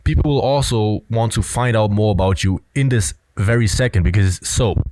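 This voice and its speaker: A man's voice: fairly low pitch, fairly quick, mellow, no room sound. A man giving blunt, assertive casual commentary on a film clip, often filling with "you know". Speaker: body language commentator.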